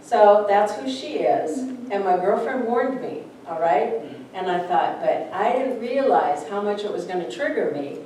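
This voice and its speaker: Her voice is medium-pitched and dark, a little slow but with lively intonation, as this woman minister delivers a chatty sermon packed with stories and impressions of the people in them. The church sanctuary sounds echoey, the mic is distant, and there's faint background noise.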